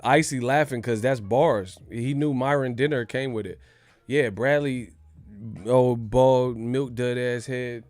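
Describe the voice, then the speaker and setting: A man hosting a casual boxing news livestream, talking in an animated, joking and profane way. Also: medium pitch, unhurried, dry recording.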